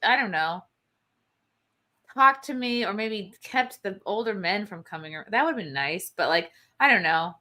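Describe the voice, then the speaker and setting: A woman's voice: medium pitch, expressive, measured pace, sharp tone. A woman guest in a casual chat, telling stories in a candid, offhand way.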